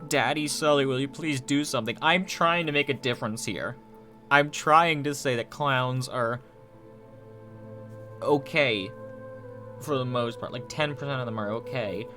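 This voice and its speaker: Male streamer, slow and deadpan, fake-sobbing with lots of stammered restarts, faint music under him. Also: medium pitch. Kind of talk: mock-tearful livestream banter.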